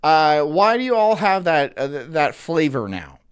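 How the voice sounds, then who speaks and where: A man's voice: fairly high pitch, big pitch swings, normal speed, clear, resonant tone. A man commenting on video clips during a live stream in a crude, mocking, rambling way.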